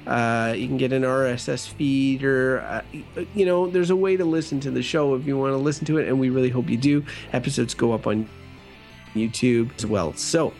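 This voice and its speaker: A man's voice: medium pitch, steady tone, normal speed, darkish tone, soft background music. A man from Canada co-hosting a gaming podcast, talking casually and rambling through plugs and asides. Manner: chatty, rambling, self-correcting. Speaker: podcast co-host. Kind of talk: casual chat.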